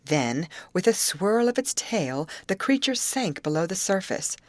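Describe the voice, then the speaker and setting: A woman narrating an audiobook aloud, voicing the characters' lines with higher pitch. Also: unhurried, no echo. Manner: lively reading, raises pitch for the girls' lines. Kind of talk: scripted narration.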